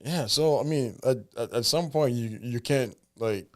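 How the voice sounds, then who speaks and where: A man's voice: mid-range voice, unhurried. A man co-hosting a casual chat, talking hesitantly with many fillers and restarts, and often agreeing. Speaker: co-host.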